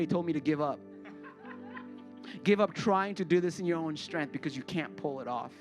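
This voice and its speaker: A man in his forties, a pastor preaching a sermon to his congregation. He speaks earnestly and confessionally and repeats words when worked up. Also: a little high. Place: church sanctuary before a congregation.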